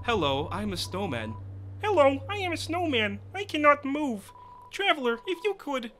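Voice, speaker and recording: A man's voice: extremely high pitch, huge pitch swings, moderate pace, faint music behind, pitched above the performer's own voice, heavily acted. A man doing a meek pleading snowman. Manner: soft, pleading. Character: meek, immobile talking snowman.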